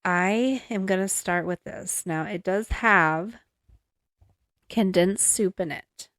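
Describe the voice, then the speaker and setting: A young woman hosts a home recipe podcast, reading out ingredients and steps in a chatty, apologetic way while fiddling self-consciously with a handheld mic she keeps moving around. Her voice is fairly low, and the studio-quality recording has no room sound.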